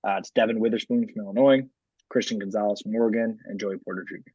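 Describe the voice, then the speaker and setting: Husky-voiced man in casual sports chat. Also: lowish voice, fairly even intonation, fast talker, warm tone, no room sound, highs cut off. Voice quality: frequent filler words and restarts. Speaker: podcast co-host.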